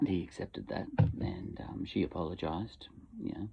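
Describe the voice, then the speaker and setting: A man's voice: sits low, moderate pace, husky. An Australian man rambling casually in a home shed, full of fillers and asides. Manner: meandering, many fillers and asides. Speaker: podcast host. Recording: tinny phone-like lo-fi sound.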